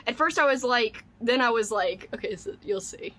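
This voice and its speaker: A young woman vlogger chats through an unboxing, her voice sitting a little high. She gushes constantly, piling on "like" and "oh my god" as her delight spills over. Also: animated, moderate pace, bright, forceful tone. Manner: gushing, squealing with delight, says "like" and "oh my god" often. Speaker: book vlogger. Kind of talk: excited unboxing chat.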